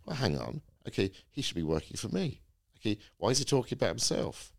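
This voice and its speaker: A middle-aged father, reflective and measured, asking questions and mulling over events in a casual podcast chat. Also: medium pitch, sing-song, creaky.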